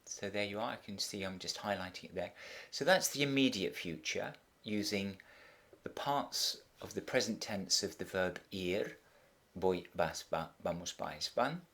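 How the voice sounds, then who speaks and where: A man's voice: low-pitched, expressive, unhurried, fairly bright tone. A middle-aged man teaching Spanish, walking through a translation step by step with frequent ums and restarts.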